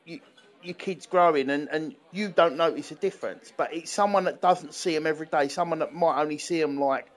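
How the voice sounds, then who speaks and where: Man, fairly high voice, casual podcast chat, halting, repeats words. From London. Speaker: podcast co-host.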